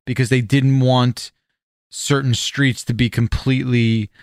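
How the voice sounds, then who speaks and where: A man's voice: medium pitch, little pitch movement, a little slow, dry recording, clean studio sound. A man co-hosting a casual podcast, rambling loosely, laughing and swearing as he talks. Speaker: podcast co-host.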